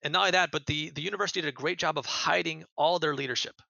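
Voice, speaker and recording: A man's voice: on the high side, rapid-fire, creaky, bright, forceful tone, dry recording, dull audio. An American man who is a podcast guest, earnestly retelling events in a casual interview and often repeating words as he goes. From United States.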